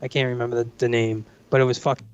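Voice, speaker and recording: A man's voice: mid-range voice, flat delivery, quick pace, smooth. A man on a casual livestream telling a rambling story, swearing often and saying bro and dude. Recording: dry, dull lo-fi mic.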